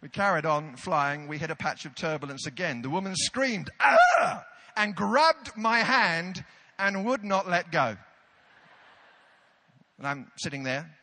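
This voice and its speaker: A man's voice: on the high side, expressive, a little slow, bright, forceful tone. A British man preaching a sermon, telling a self-deprecating story with comic timing.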